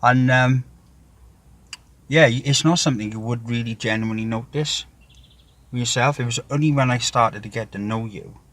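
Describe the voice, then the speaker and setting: Male interview host, mid-pitched voice, friendly and supportive, casual questions. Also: moderate pace. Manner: friendly, supportive, asks gently.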